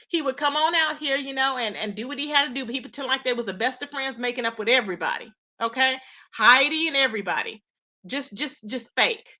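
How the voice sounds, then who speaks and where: A woman with a high, bright voice talks straight to her viewers in a casual vlog. She tells her side of a story with animated indignation and keeps punching her points with quick "okay?" asides. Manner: emphatic repeated tag questions. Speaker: YouTuber.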